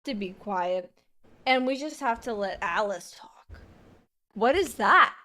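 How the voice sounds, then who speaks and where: A woman venting to camera about friends, indignant and rapid, with little giggles slipping into her sentences. Her voice is high and bright. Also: expressive.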